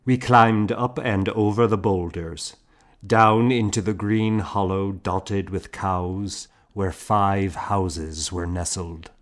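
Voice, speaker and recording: A man narrating a story in a measured storytelling manner. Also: deep voice, steady tone. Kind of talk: scripted narration.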